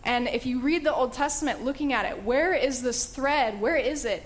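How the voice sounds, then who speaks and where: A woman's voice: high-pitched, moderate pace. A woman teaching a casual Bible study in a chatty, enthusiastic way, with fillers and laughter.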